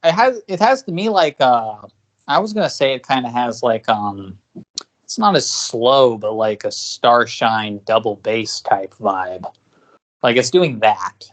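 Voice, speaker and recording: A man co-hosting a casual music podcast, rambling and restarting his sentences, now and then loudly mimicking the songs he talks about. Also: medium pitch, unhurried. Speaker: podcast co-host.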